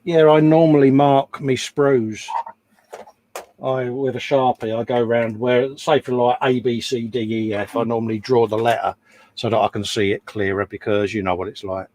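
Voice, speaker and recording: A man's voice: medium pitch, steady tone, moderate pace, darkish tone. A man hosting a casual chat while building a model, teasing and bantering. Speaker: host.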